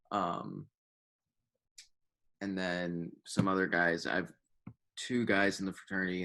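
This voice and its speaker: Young man, low voice, rambling casual chat, lots of filler words, swears freely. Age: young adult. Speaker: podcast co-host.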